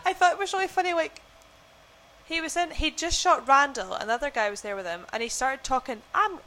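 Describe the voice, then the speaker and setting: A woman's voice: sits high, brisk, sharp tone. Chatty young woman co-hosting a podcast. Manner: chatty, gushing, many fillers and restarts. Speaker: podcast co-host. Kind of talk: casual film-review chat.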